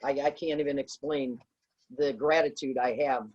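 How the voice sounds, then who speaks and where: A middle-aged woman with a husky, breathy voice answers interview questions. She talks earnestly and rambles, restarting her sentences and filling pauses with "um" and "you know". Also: rumbling low, steady tone, a little mellow, dull audio. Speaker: business owner interviewed as guest. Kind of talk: conversational interview.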